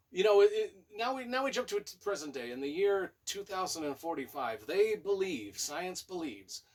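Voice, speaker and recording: Rambling, slightly high-voiced male book reviewer. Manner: rambling and digressive, with playful asides and self-corrections. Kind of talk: casual spoken book review.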